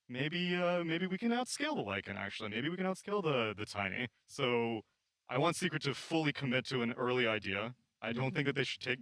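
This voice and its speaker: A man offers esports panel analysis, talking through his reasoning at length in a chatty way. His voice is bright. It sounds dry and close. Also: on the low side, dry recording.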